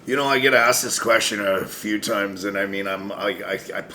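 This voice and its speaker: A man's voice: on the low side, normal speed, pushed and bright, slight background noise. A man talking as a guest in a casual chat, easygoing and hesitant with fillers.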